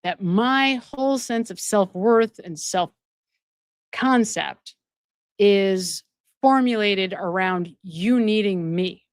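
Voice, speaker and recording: Speaking slowly in a medium-pitched voice, a woman hosts a live stream with clean studio sound and no echo. She's a host and addiction counselor who reads viewer donations aloud, adds commentary, and repeats phrases to stress them.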